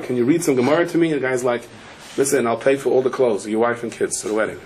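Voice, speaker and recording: A man's voice: mid-range voice, fairly quick, slight background noise. A male rabbi with a Yeshivish accent giving a Torah lecture, telling a story and acting out the voices in it. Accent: Yeshivish English with Yiddish and Hebrew words. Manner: animated storyteller, acts out quotes in raised voices.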